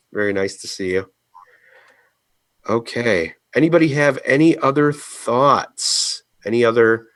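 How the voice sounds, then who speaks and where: A man's voice: lowish voice, no echo. A man hosting a casual live video chat over a call, laid-back and teasing, often chuckling. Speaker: host.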